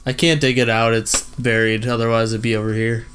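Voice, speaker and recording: A man co-hosting a relaxed podcast who tosses in joking, wry asides. His voice is smooth and clear, at an ordinary middle pitch. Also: fairly quick. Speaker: podcast co-host. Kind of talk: casual chat.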